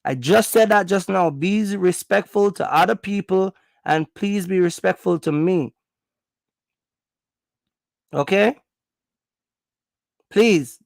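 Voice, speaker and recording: Gravelly Jamaican man telling a story. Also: high voice, slow, long pauses, dry recording, studio quality. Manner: rambling, filler-heavy, turns stern and warning. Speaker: livestreamer. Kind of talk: casual storytelling on a livestream. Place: at home.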